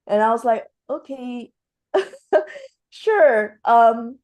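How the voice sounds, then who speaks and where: In an unhurried, mid-range voice with a darkish tone, a woman hosts a casual talk show on spiritual topics. Her storytelling includes acting out what people said.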